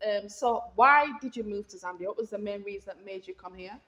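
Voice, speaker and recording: A woman's voice: medium pitch, fairly quick, a bit bright. A woman with a Yorkshire accent from Leeds, hosting a casual interview in a playful, teasing way. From Leeds, West Yorkshire, England. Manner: teasing, playful, laughs often. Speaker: host. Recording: echoey room.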